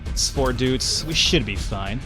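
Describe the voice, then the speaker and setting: A young man talks his way through a survival game in loose, joking commentary, swearing now and then. His voice sits at an average pitch for a man. Faint game music plays underneath. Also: lively intonation, a little slow. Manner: chatty and joking, with casual swearing. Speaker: let's play host. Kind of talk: casual gameplay commentary.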